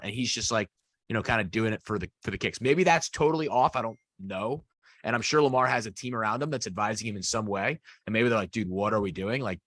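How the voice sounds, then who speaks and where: A man's voice: mid-range voice, no echo. A young man co-hosting a sports podcast, talking casually in a rambling way, full of "like" and "you know". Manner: rambling, filler-heavy, animated. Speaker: podcast co-host.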